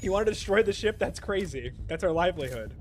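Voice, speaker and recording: A young man livestreaming a game, chatting excitedly and swinging between loud outbursts and low muttering. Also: quick pace, faint music behind. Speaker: streamer. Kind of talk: live gameplay commentary.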